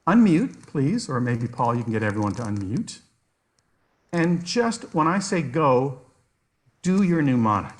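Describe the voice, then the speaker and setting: A man presenting an online workshop on nature activities, enthusiastic and given to animated storytelling. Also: mid-range voice. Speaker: outdoor educator, workshop presenter.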